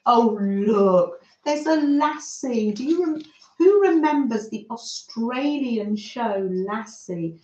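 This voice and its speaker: A slow, lively-pitched woman hosting a craft livestream, gushing over everything and reading viewers' messages aloud. The room is echoey and the sound a little dull. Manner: gushing, warm-hearted, reads chat aloud. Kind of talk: chatty livestream talk to viewers. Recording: roomy, slightly dull sound.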